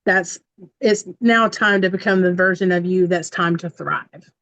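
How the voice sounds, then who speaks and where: A woman's voice: on the low side, a little slow, fairly bright tone, muffled recording. A woman in her forties giving a heartfelt personal testimonial to her community, earnest and encouraging. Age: 40s. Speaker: community member sharing testimonial.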